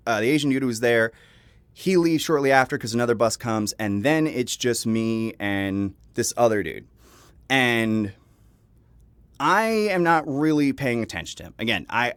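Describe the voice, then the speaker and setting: A man's voice: medium pitch, a bit bright, no echo. A young man telling a personal story in a casual vlog, rambling with frequent laughs and restarts, swearing now and then. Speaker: vlogger. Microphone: home microphone.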